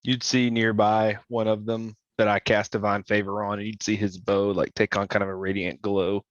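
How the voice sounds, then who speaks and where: Male tabletop player, low voice, methodical thinker, dry lo-fi recording. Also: level tone, normal speed, no room sound. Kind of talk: tabletop game play.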